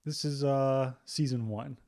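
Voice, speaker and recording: A man's voice: mid-range voice, steady tone, measured pace, a little mellow. A man co-hosting a podcast, chatting casually with short, laid-back replies. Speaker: podcast co-host. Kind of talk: casual chat.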